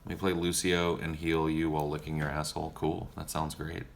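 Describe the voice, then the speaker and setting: Very deep gravelly-voiced man. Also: completely flat delivery, brisk, slight background noise. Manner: profane, joking and laid-back. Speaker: streamer answering viewer questions. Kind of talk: casual livestream Q&A.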